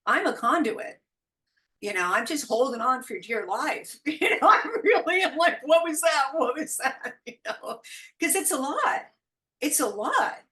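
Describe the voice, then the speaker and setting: A middle-aged woman from the United States, a guest telling spiritual stories in casual interview chat, animated and quick to laugh. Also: sits high, rough recording. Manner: animated storytelling, frequent laughs, acts out quoted voices. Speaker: guest, intuitive guide.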